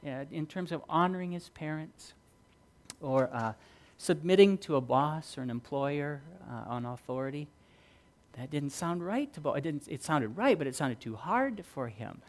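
A middle-aged male pastor preaching a sermon, earnest and story-driven, moving between loud emphasis and quiet, low-key passages.

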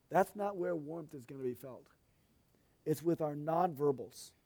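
High-voiced folksy male preacher. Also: warm tone. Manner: folksy, chatty, asides to the congregation. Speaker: pastor. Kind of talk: sermon-style teaching.

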